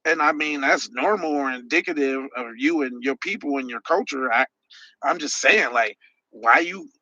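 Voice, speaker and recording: A man's voice: fairly high pitch, gravelly, sharp tone, slightly rough, muffled recording. A man hosting a podcast livestream, answering chat messages with sarcastic, mocking rants. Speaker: podcast host reading live chat. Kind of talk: heated livestream commentary.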